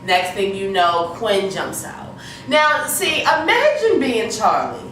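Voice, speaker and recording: Woman co-host, loud profane storyteller, heard from a distance in a very echoey room with faint noise. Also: medium pitch, very animated, takes it slowly. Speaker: TV episode recapper. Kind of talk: casual recap chat.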